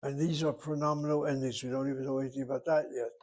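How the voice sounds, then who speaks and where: A man teaching a Hebrew grammar lesson, sounding out words slowly and repeating them for his students. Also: medium pitch, flat delivery, a little mellow, poor audio.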